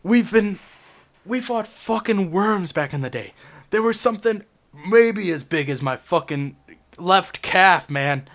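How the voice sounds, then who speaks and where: A man voicing a shaky, fervent old man who rants and curses loudly in a tabletop game. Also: sits high, animated, measured pace, voice pushed up, heavily acted. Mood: indignant. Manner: loud, agitated, profane ranting.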